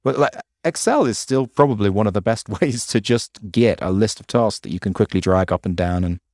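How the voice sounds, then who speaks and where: A man's voice: lowish voice, fairly quick, darkish tone, no echo, clean studio sound. A man co-hosting a podcast in casual chat, musing hesitantly and searching for his words. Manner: hesitant, musing, with many fillers. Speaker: podcast co-host.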